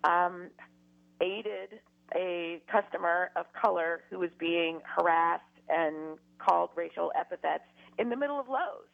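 A woman's voice: fairly low pitch, measured pace, vocal fry. A woman as a radio guest, speaking hesitantly with many fillers. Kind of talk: radio interview. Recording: dull lo-fi line.

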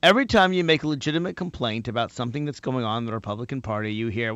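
A man's voice: medium pitch, quick pace, no room sound, highs cut off. Man, talk show host, political monologue, mocking tone, dry close sound. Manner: animated, mocks opponents' replies.

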